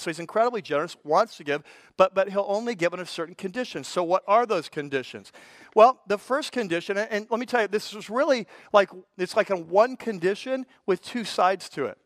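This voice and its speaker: A man's voice: high-pitched, lively intonation, brisk, fairly bright tone, no room sound. An older man, a pastor, preaching a sermon in a conversational way, with folksy asides and frequent stammered restarts.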